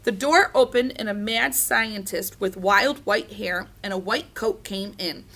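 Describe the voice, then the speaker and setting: A woman reading a children's storybook aloud, animated and expressive. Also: medium pitch, measured pace. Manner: animated, doing character voices. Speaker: reader.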